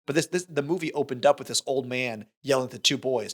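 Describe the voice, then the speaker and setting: A man co-hosting a podcast in casual film discussion, retelling scenes in an animated way with many restarts. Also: mid-range voice, fast. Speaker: podcast co-host.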